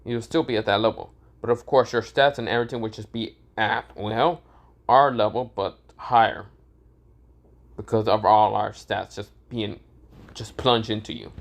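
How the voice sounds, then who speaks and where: Man voicing a calm, weary young man. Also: on the low side, moderate pace, vocal fry. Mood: explaining. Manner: calm, matter-of-fact explaining.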